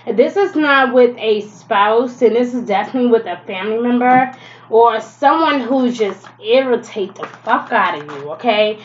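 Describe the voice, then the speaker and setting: A woman's voice: on the high side, moderate pace, dull audio, slight background noise. A woman giving a casual tarot reading, chatty and blunt, swearing freely and laughing often, with a stuffy nose from allergies. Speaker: tarot reader.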